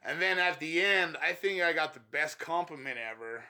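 Podcast host, male, high-pitched and very bright, animated profane storyteller. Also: moderate pace. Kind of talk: casual chat.

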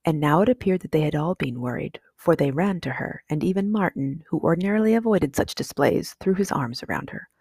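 A woman narrates a storybook chapter with steady, measured reading. Her voice is husky and a little low. The recording is dry and close. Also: dry recording. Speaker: audiobook reader.

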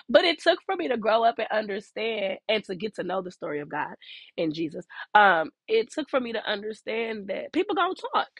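A woman hosting a devotional, preaching in a relaxed, folksy way and repeating her key lines for emphasis. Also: mid-range voice, normal speed, no echo. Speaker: devotional host.

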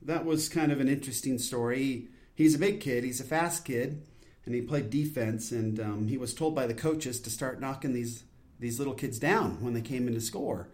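A man's voice: mid-range voice, normal speed, darkish tone. A man in his forties hosting a solo podcast, talking in an intense, earnest, rambling way with many restarts. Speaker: podcast host. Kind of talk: casual solo podcast talk.

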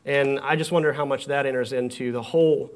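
Man, casual living-room talk, halting, repeats words, middle pitch. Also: fairly even intonation. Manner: halting, repeats words while thinking aloud.

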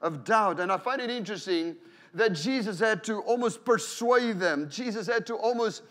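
Middle-aged pastor guy preaching, high voice, chatty, repeats himself, bursts of hallelujah. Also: expressive, normal speed, fairly bright tone. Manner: conversational, repeats words, rises into exclamations. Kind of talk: sermon.

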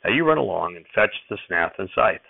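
A man's voice: on the low side, expressive, moderate pace, creaky, husky, no echo, full character voice. Guy voicing a grumpy old farm grandpa, hollers and scolds in a country drawl, tinny phone-ish sound. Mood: gentle sorrowful. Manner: shouting, scolding rural drawl. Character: cranky old male farmer grandfather.

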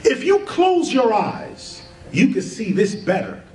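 Earnest spiritual podcast guy, high voice, slow, talking from far off in a roomy space. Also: soft background music. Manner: animated, earnest, laughs at his own asides. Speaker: podcast host. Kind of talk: spiritual talk with guided exercise.

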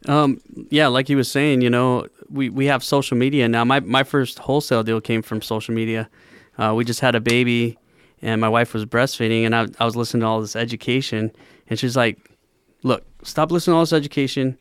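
A man speaking as a podcast guest, retelling his first deal in a steady, plain way. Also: medium pitch, brisk, clear, resonant tone, no echo, clean studio sound. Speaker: guest, real estate entrepreneur. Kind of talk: casual podcast interview.

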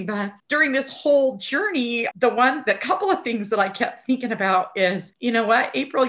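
A woman talks candidly to a group about a family worry. She sounds emotional but keeps a wry, sarcastic edge. Her voice sits a little high. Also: fairly bright tone. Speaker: group member sharing. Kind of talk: casual personal sharing.

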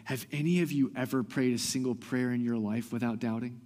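A pastor giving a sermon, talking conversationally with restarts and building to loud, emphatic passages. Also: male voice, mid-range voice, fairly even intonation, brisk, big-room sound.

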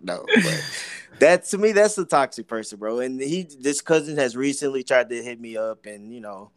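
A man's voice: mid-range voice, expressive, normal speed, dry recording. A young man, a podcast co-host telling a story in casual chat, rambling and swearing with many fillers.

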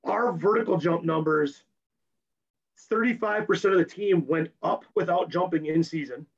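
A strength coach, a man, explaining his training program in rapid, technical detail in a podcast interview while hoarse from losing his voice. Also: a little high, dull audio. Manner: rapid and technical, keeps tagging "right?".

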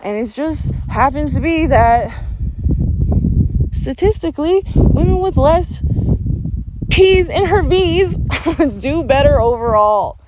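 A woman's voice: high-pitched, animated, slow pace, long pauses. A woman vlogger ranting bluntly to her viewers, swearing constantly and laughing often mid-sentence in a confrontational, lecturing way. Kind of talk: blunt profane rant to camera. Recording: noticeable background noise.

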